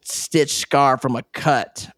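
A man co-hosting a podcast, recapping an episode in a chatty, animated way and laughing often. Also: mid-range voice, slow, dry recording, clean studio sound. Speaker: podcast co-host. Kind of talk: casual chat recapping an episode.

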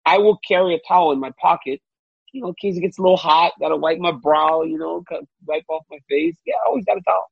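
Louisiana-raised co-host: high, husky voice, animated storyteller who laughs a lot, dry lo-fi sound. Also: male voice, fast, no room sound. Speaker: co-host and fight analyst. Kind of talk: casual chat.

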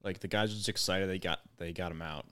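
A man's voice: low voice, fairly even intonation, fast, sharp tone, clear, resonant tone, dry recording, studio quality. A man co-hosting a casual sports podcast, laid-back and wry. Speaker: podcast co-host.

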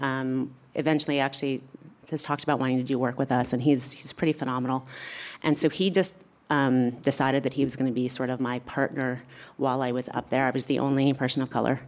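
A woman telling a personal story in a candid, animated way, acting out what other people said. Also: extremely low pitch, clear, resonant tone. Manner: candid, animated, acts out quoted voices.

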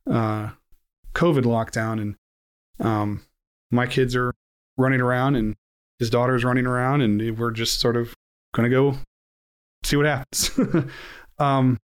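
A middle-aged man hosts a casual interview, relaxed and a little halting. He fills pauses with ums as he frames his questions. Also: mid-range voice, clear, resonant tone. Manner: relaxed, hesitant, many fillers. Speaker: podcast host. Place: home during lockdown.

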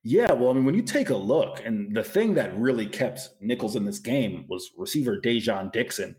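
A man hosting a casual college football talk show, chatting through scores and stats with quick asides and self-corrections. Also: lowish voice, darkish tone, husky. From Florida. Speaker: sports talk host.

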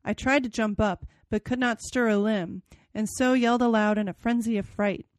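Lively woman podcast host reading aloud. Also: on the high side, normal speed, dry recording. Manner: expressive, dramatic reading with acted quotes. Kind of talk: casual chat and reading aloud.

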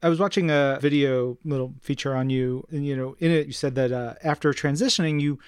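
A man hosting a podcast, asking thoughtful questions and pausing as he searches for words. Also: mid-range voice, fairly even intonation, clean tone, no room sound, clean studio sound. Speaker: podcast host. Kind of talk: interview questions.

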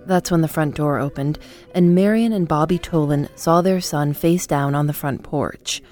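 Low, mellow-voiced woman narrating. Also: faint music behind. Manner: calm, measured storytelling. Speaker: podcast host and narrator. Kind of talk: scripted documentary narration.

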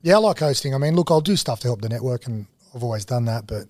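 A man's voice: medium pitch, fast talker, dry recording, studio quality. Laid-back Australian man telling stories. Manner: animated, laid-back storyteller, slangy. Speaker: guest, TV host and former rugby league player. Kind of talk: casual storytelling interview.

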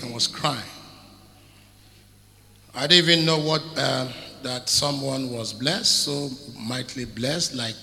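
Recorded in an echoey hall with long reverb, a pastor preaches a sermon with emphasis, posing rhetorical questions and repeating phrases. His medium-pitched voice sounds bright and pushed.

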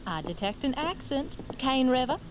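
A woman's voice: high-pitched, very animated, moderate pace, noisy background. A woman playing a chatty Southern lady guest with a Southern US accent, gushing and drawling in an audio drama.

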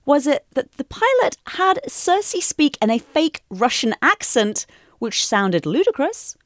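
Playful woman quiz host, very lively pitch, dry close sound. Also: unhurried, no room sound. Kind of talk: casual podcast quiz chat.

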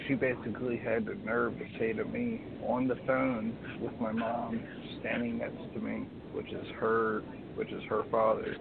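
A hoarse man calling in to a show, talking in halting, rambling stretches full of restarts. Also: on the low side, level tone. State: hoarse, frog in his throat. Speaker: caller. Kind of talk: phone-in chat. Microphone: phone. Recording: noisy phone line.

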